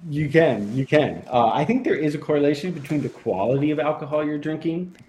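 A man's voice: fairly high pitch, animated, fairly quick, a little mellow, a little hiss or hum, low-quality recording. Playful man, guest on radio. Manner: laughs often, light and playful. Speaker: guest editor. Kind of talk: casual radio chat.

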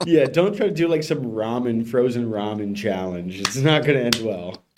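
Wry, mid-pitched male co-host. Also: lively intonation, normal speed, background noise. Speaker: radio co-host presenting headlines. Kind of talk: casual radio talk.

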